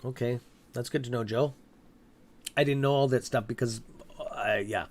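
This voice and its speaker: A man's voice: mid-range voice, fairly even intonation, moderate pace, darkish tone. Man chatting loosely on a live stream. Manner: swears openly when annoyed; chatty, reacts aloud to the chat. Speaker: host of a live stock-trading stream. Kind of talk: casual livestream chat reading viewer comments.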